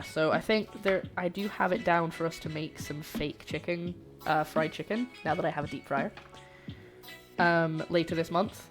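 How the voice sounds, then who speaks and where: Young woman streaming from her kitchen, chatty and jokey, faint music behind. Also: low voice. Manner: chatty, greets viewers warmly, jokey asides. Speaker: cooking streamer. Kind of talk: casual livestream chat while cooking. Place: home kitchen.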